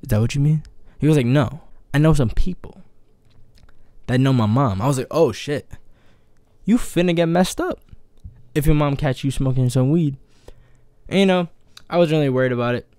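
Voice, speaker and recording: A young man telling a story in a casual vlog, animated, acting out the people he quotes with voice shifts and sound effects. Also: mid-range voice, normal speed, pauses often, no room sound, clean studio sound. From New York.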